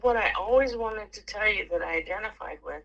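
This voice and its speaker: A middle-aged woman in a relaxed family conversation, telling stories in an animated way and swearing freely. Her pitch sits in an ordinary middle range, and she talks easily. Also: fairly quick, dull audio. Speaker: aunt. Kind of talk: casual family chat.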